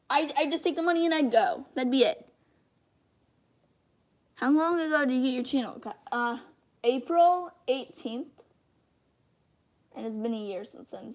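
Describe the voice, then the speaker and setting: A teenage girl hosts a casual livestream as she works on a drawing. Her voice sits a little high, and she rambles freely, making easy, self-deprecating jokes at her own expense. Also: darkish tone. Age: teens. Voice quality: high-pitched voice. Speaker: channel host.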